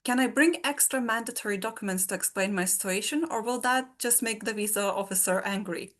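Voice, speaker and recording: A woman's voice: medium pitch, fairly quick, fairly bright tone. A woman moderating an online webinar, reading out audience questions in a friendly way over a video call.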